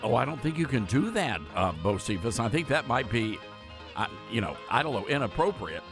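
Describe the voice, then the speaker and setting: A man's voice: mid-range voice, sing-song, music in the background. A man hosting a talk radio show, giving sarcastic, indignant commentary and taking calls. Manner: sarcastic, indignant, quick asides.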